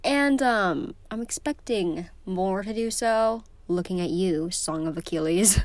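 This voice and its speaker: A woman's voice: mid-range voice, measured pace. A teenage girl chatting casually in a book vlog, gushing and emotional, with lots of ums and likes. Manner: gushing and emotional, many fillers. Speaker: book vlogger.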